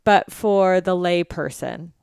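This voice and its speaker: A woman hosts a podcast interview, tossing in playful asides and addressing her listeners directly. Her voice sits a little low and sounds smooth and clear. The recording is dry and close. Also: animated, slow pace, a little mellow, no echo. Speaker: podcast host.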